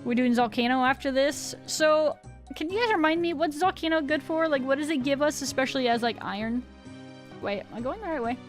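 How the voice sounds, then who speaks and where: High-voiced chatty woman streamer. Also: fairly quick, soft background music. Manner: chatty, rambling, reads chat aloud and answers. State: sick voice. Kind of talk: casual game-stream chat.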